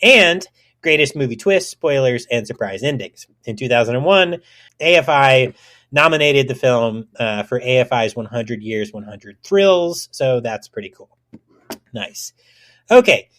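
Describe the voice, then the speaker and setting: A man's voice: medium pitch, expressive, a little slow, fairly bright tone. A man co-hosting a casual podcast, rambling and joking, swearing freely as he reads out film trivia. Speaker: podcast co-host.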